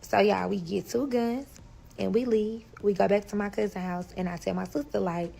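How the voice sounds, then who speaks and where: A woman from St. Louis spins a storytime tale straight to her viewers, swearing freely. Her voice is gravelly and husky, sitting at a middle pitch for a woman. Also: normal speed. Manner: animated, profane, talks straight to viewers. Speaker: storyteller vlogger. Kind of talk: casual storytime.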